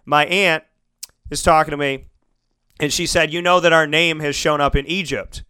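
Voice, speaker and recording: A man with a bright, crisp voice tells a family story on air, rambling and animated, doubling back on himself mid-sentence. His voice sits a touch high for a man, and the sound is dry and close. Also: normal speed, dry recording. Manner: animated, rambling, lots of restarts and fillers.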